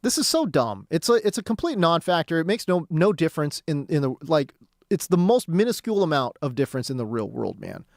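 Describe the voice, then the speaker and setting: This is an American man in his thirties hosting a sports talk radio show. His delivery is casual and exasperated, full of slang like bro and dude. His pitch swings around a lot, and the studio sound is close and dry. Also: big pitch swings, a little fast, vocal fry, dry recording. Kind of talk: casual opinion rant.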